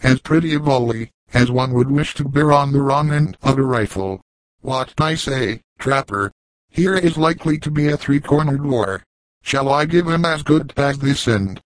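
A man's voice: mid-range voice, normal speed, dry recording, close to an everyday voice, low-quality recording. A man doing a joking young frontiersman. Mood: jocular. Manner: jocular, half bitter.

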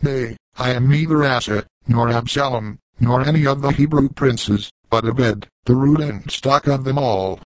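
A man's voice: medium pitch, unhurried, hardly any pauses, no echo, lightly acted, poor audio. A man reading as a pompous blustering doctor.

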